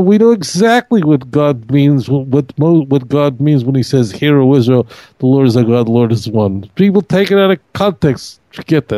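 A man's voice: a little high, mellow, no room sound, rough recording. A man, a rabbi and co-host, teaching scripture with emphatic, argumentative energy, often quoting others. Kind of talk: animated Torah study discussion. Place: radio studio.

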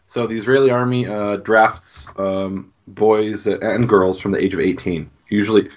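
A man's voice: fairly low pitch, steady tone, measured pace, muffled recording. A man talking as a guest in a casual podcast chat, explaining things earnestly. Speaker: guest teacher.

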